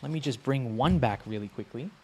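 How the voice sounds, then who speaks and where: A man teaching a language on a live stream, casual and chatty, repeating sounds slowly to demonstrate them. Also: medium pitch, a little hiss or hum.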